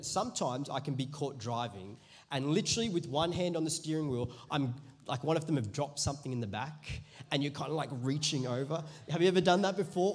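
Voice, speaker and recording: Male pastor, sermon delivery, casual asides building to fervent emphasis; voice sits a bit high. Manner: conversational, builds to loud emphatic preaching. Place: church hall.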